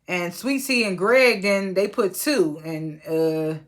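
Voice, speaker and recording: A woman's voice: fairly low pitch, slow pace. A woman casually recapping a reality TV episode, chatty and slangy, with lots of fillers and exasperated asides.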